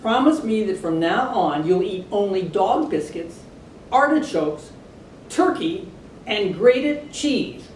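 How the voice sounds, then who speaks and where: A woman voicing a stern big fat male lion who sets slow, firm terms. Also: animated, darkish tone. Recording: echoey room, distant mic, low rumble.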